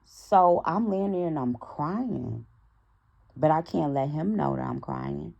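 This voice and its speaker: Young woman, low voice, gravelly fry, casual storytime vlog, animated, talks straight to viewers. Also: slow, highs cut off. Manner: animated, talks straight to her audience, acts out quoted dialogue. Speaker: storytime vlogger.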